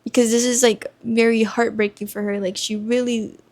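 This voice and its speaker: Young woman, book vlogger, casual rambling chat, lots of "like" fillers, slightly high voice. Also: flat delivery, normal speed, a little mellow. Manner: rambling, heavy use of "like" fillers.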